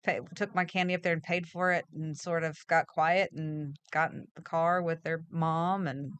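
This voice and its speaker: A woman's voice: deep voice, steady tone, moderate pace, a bit bright, clear, resonant tone, dry recording. A woman news anchor from Arkansas, chatting casually on air and telling her own story in a reflective way. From Fort Smith, Arkansas. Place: TV news studio.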